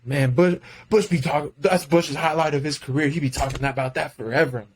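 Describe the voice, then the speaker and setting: A man's voice: a little high, steady tone, fast, a little hiss or hum. A man co-hosting a podcast, chatting casually about sports in a loose, rambling way with lots of fillers. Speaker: podcast co-host.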